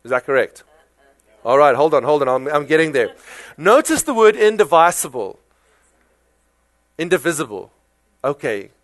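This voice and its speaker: A man with a South African accent preaching a sermon in a conversational, animated way, full of rhetorical questions. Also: a little high, moderate pace, dry recording. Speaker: pastor.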